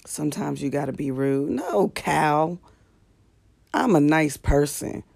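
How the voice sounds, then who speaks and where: A woman comedian and podcast host with a low, slightly manly voice, chatting and venting profanely while lying in bed in the dark on a phone. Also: animated, takes it slowly, creaky. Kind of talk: casual late-night live chat. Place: bedroom in apartment at night, lying in the dark.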